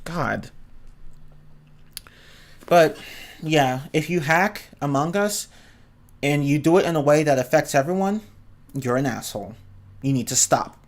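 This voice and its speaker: A man's voice: fairly high pitch, animated, unhurried, long pauses. A man giving a casual, exasperated rant, swearing often and stumbling over his words as he restarts sentences. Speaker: streamer ranting about online games.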